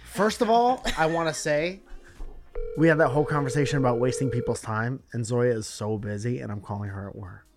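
Dry-joking man, mid-pitched podcast host. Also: a little fast. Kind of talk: casual chat.

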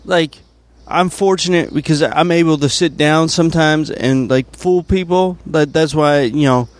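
A man, a comedian guest, talking casually and haltingly, full of fillers and restarts. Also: on the high side, no echo. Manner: hesitant, many fillers and restarts. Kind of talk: casual conversation.

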